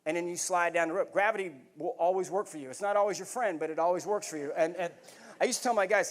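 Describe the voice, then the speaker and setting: A middle-aged American man giving a speech, telling a vivid, animated story from the stage to a live audience. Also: high-pitched, fast talker. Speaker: keynote speaker.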